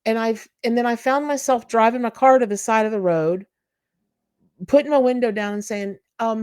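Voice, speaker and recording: A woman's voice: a little high, normal speed, a little mellow, clear, resonant tone, dry recording, clean studio sound. A woman hosting her channel, giving an emphatic, casual spiritual talk to her viewers and repeating words for stress. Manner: emphatic and repetitive, talks straight to viewers. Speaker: tarot reader and channel host.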